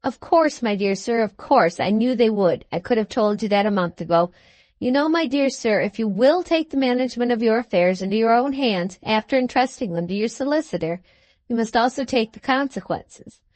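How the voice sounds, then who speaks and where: Woman reading as a fussy little bustling lawyer man, brisk and knowing, pitched up. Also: animated, darkish tone, no echo, lightly acted. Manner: brisk, knowing, repeats "my dear sir".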